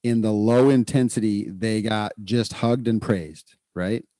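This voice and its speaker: A man hosting a podcast, explaining child behavior training in a casual, animated way and acting out what parents and kids say. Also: on the low side, unhurried, no echo, studio quality. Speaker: podcast host, clinician.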